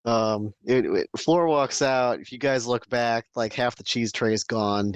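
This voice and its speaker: A man playing a tabletop game who jokes about his character in an unhurried way. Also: mid-range voice, clear, resonant tone, no room sound. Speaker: player. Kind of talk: tabletop role-play.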